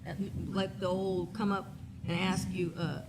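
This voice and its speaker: A woman on a podcast clip, speaking softly and agreeing while relating everyday experience. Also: on the low side, level tone, measured pace. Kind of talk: casual podcast banter. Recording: played clip with heavy noise.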